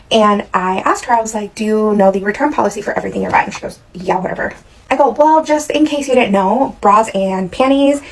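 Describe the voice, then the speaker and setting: A woman's voice: medium pitch, vocal fry, rough recording. A young woman who used to manage a retail store tells a story in a chatty, matter-of-fact way. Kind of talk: casual storytelling.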